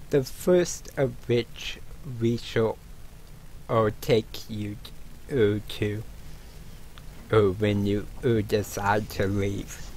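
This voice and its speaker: Cryptic old-world shaman, slow and hushed, half-whispered, as a game master puts him on. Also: mid-range voice, a little hiss or hum. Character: cryptic male tribal shaman.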